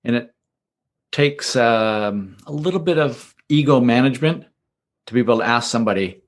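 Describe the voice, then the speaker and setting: A man's voice: mid-range voice, animated, normal speed. A man hosting a podcast, chatty and lightly sarcastic, and he laughs often. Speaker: podcast host. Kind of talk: casual interview talk.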